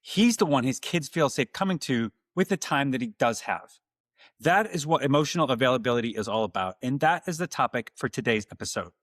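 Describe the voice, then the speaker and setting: A man hosting his own podcast, delivering a calm, earnest, scripted monologue to fathers. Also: medium pitch, a little fast, no room sound, studio quality. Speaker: podcast host.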